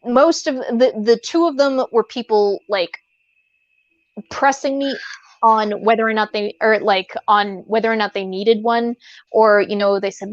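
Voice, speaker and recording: A woman's voice: fairly high pitch, normal speed, dry recording. A woman co-hosting a podcast in casual chat, rambling with lots of fillers and restarts. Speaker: podcast co-host. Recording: dull lo-fi sound.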